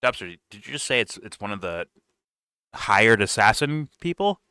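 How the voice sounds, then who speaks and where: Casual podcast guy, bright voice, dry close mic, swearing and riffing. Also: fairly low pitch, normal speed, clear, resonant tone, dry recording. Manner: animated, swearing, mock-quoting others. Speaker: podcast co-host. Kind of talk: casual group chat.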